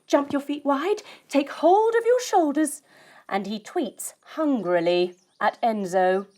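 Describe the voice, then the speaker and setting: A woman's voice: high-pitched, expressive, takes it slowly, mellow. A woman leading a children's yoga lesson as a story, playful and encouraging. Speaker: kids' yoga teacher.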